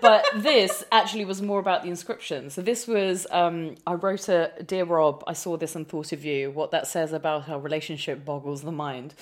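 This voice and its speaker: A woman's voice: deep voice, steady tone, moderate pace, hardly any pauses. A woman, chatting about books in a self-deprecating, laughing way. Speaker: guest. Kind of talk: casual chat about books.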